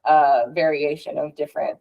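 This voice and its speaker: Chatty Canadian woman, slightly low voice. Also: fairly even intonation, moderate pace, gravelly, lo-fi sound. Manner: chatty, lots of fillers and laughs. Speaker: podcast host. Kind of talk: casual chat.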